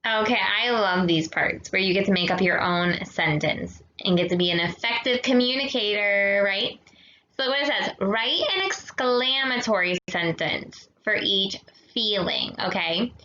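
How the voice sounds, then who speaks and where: A woman's voice: medium pitch, bright, forceful tone, slight background noise. Patient teacher woman in an echoey room. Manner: patient, slow teacher-talk with many "okay?" checks; mixes in Spanish words. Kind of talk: recorded grammar lesson for kids. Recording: echoey dull room sound.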